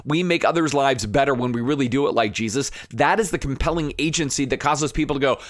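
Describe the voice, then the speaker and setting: This is a man at a middle pitch, speaking an earnest, impassioned podcast monologue. He talks loosely, with fillers and restarts, and builds to animated emphasis. The sound is close and dry, with no room around it. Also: fast, no room sound. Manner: rising to animated emphasis when fired up. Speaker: podcast host.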